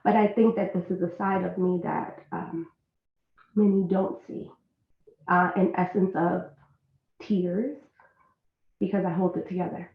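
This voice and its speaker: A woman's voice: on the low side, level tone, unhurried, pauses often. A woman in her thirties, an instructional coach, speaking as a podcast guest; she is tearful and emotional, talking in an open and heartfelt way. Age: 30s. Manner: open and heartfelt, apologetic about her tears. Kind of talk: podcast interview. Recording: echoey, phone-like remote line.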